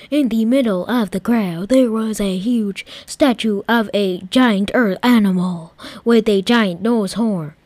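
A woman narrating a playful first-person story as a Martian visitor, dramatic and lively. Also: medium pitch, dry recording.

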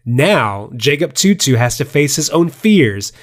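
A man's voice: mid-range voice, sing-song, measured pace. Laughing, joking man, casual podcast chat. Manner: laughs often, loose and joking. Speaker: podcast co-host. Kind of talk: casual chat about movies.

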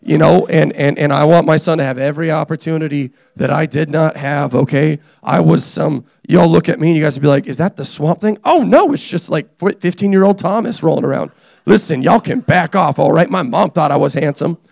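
A young man preaching a casual, energetic sermon, joking and teasing the congregation as he tells stories about his family. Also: fairly high pitch, a little fast, gravelly, no room sound, studio quality. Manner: animated, joking, self-deprecating. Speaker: pastor.

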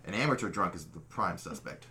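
A man's voice: low-pitched, brisk. Profane man telling a story. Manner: profane, self-mocking, animated storyteller. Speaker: podcast host telling a story. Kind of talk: casual storytelling among friends.

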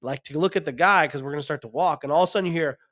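A man's voice: a little high, racing, fairly bright tone. A man co-hosting a casual podcast, telling rambling, profane stories and laughing often. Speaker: podcast co-host. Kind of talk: casual chat.

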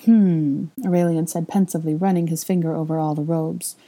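A woman narrating a fan fiction story in a steady, plain reading voice. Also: sits low, fast talker. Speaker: reader.

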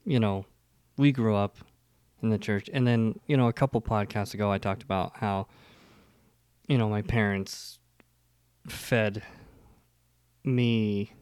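A man's voice: fairly low pitch, fairly even intonation, a little slow, pauses often, a little mellow, clear, resonant tone, dry recording. A man on a podcast telling a long joke and then his church upbringing, rambling with fillers and restarts. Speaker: podcast co-host telling his faith story. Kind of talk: casual conversational storytelling.

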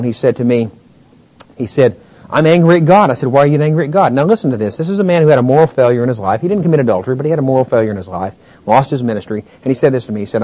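A male pastor preaching a sermon, climbing to near-shouts and then falling to a low, slow delivery. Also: no room sound, rough recording.

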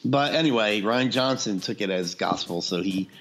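A podcast co-host chats casually, rambling and using lots of filler words. His voice is fairly low in pitch and fairly bright, at a normal speed.

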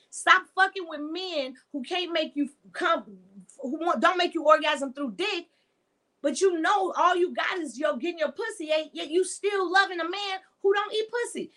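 Middle-aged woman, podcast host, blunt and profane, with a high, bright voice. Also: normal speed. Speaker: podcast host and sex educator. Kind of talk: unscripted monologue podcast.

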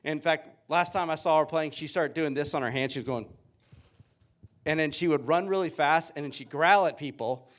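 A man's voice: fairly high pitch, moderate pace, fairly bright tone. A man in his thirties, a pastor giving a sermon with upbeat, joking storytelling.

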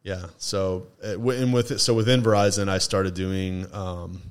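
A man's voice: low-pitched, steady tone, measured pace, clean tone. A man from Toledo, a podcast guest in casual chat, rambling with restarts and laughs. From Toledo, Ohio. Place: indoors, recorded session with drinks.

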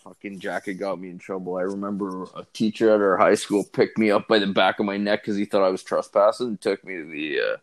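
Chill young dude, low voice, agreeing along in a casual podcast chat. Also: male voice, steady tone, fast talker, few pauses. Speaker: podcast co-host.

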